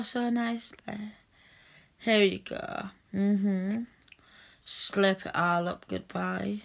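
A woman's voice: mid-range voice, gravelly. A woman performing an intimate audio role-play, speaking in a coaxing, teasing and doting way.

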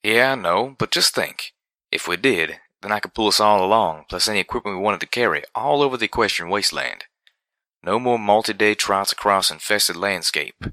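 A man voicing a young male pegasus pony who talks in a folksy, drawn-out country way in a storybook reading. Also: on the low side, lively intonation, bright, forceful tone, dry recording, voice pushed up.

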